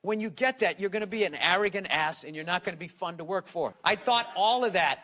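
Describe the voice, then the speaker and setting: A man from the United States, a guest comedian in a casual interview, ranting in a blunt, profane, animated way. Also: high voice, fairly quick.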